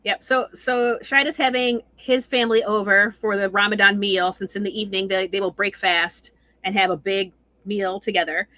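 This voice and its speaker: A woman co-hosting a casual reality-TV recap chat, chatty and quick to laugh. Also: mid-range voice, steady tone, sharp tone, dry recording, poor audio. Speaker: co-host.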